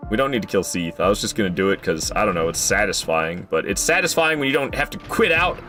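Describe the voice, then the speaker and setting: Young male streamer, animated and irritated, casual live game commentary with cursing. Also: fairly low pitch, fast, soft background music. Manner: frustrated, chatty, swears often; talks to chat.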